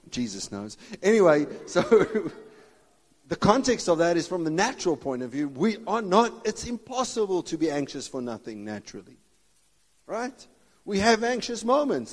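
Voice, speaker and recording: A man preaching a sermon as a pastor, joking and laughing often and acting out Bible dialogue in different voices. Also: a little high. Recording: long reverb of a large hall.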